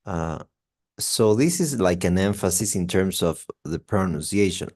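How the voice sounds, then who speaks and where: A man's voice: low voice, measured pace, darkish tone. A man teaching an English grammar class, explaining step by step with many fillers and restarts.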